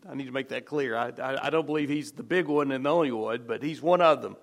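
A man with a gravelly, creaky voice delivers a conversational sermon at a middle pitch. He restarts phrases often and sinks into hushed low tones to stress key words. He sounds like a pastor talking straight to his congregation. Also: fast talker.

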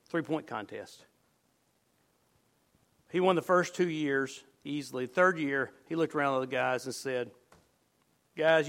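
A middle-aged man preaching a sermon, earnest and emphatic, dropping to a low murmur on key words. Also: gravelly, fairly bright tone.

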